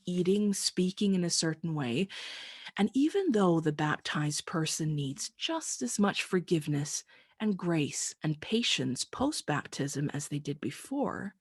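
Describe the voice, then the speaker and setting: A woman preaching a sermon in a measured, reflective way, asking rhetorical questions. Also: on the low side, husky, no room sound, clean studio sound.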